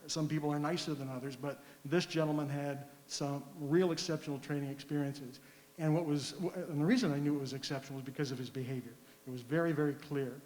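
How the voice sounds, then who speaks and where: A man giving public comment at a community session, earnest and deliberate, with frequent fillers. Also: a little high, steady tone, a little mellow, echoey room, long reverb tail. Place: large school hall.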